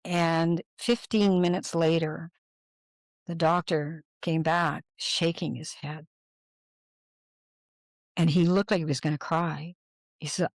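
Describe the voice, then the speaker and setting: A woman's voice: low voice, measured pace, dry recording. Older woman telling her story, dry sound. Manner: animated storyteller, acts out quoted dialogue. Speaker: guest. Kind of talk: personal storytelling in a podcast interview.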